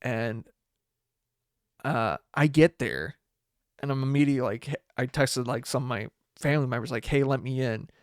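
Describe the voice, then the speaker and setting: A young man hosting a podcast, telling a personal story in a halting way, with many restarts and laughs through the sad parts. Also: medium pitch, no room sound, studio quality. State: tearful. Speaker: podcast host. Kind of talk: casual storytelling monologue.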